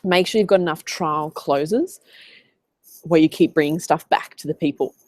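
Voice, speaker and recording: An Australian woman coaching in a casual live Q&A, chatty and animated as she tells stories. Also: sits low, moderate pace, dry recording. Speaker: business coach.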